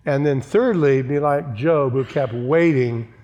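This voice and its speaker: A man's voice: medium pitch, a little slow, a little mellow, highs cut off. Man preaching a sermon in a reverberant hall. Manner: emphatic preaching with repeated phrases and asides to the congregation. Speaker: pastor. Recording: long church reverb.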